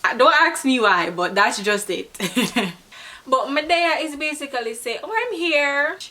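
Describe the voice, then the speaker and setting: A woman's voice: high-pitched, expressive, measured pace, sharp tone. A young woman from Jamaica with a Jamaican accent, talking to camera in a laid-back, chatty way and laughing at herself now and then. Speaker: vlogger. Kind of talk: casual explainer to camera.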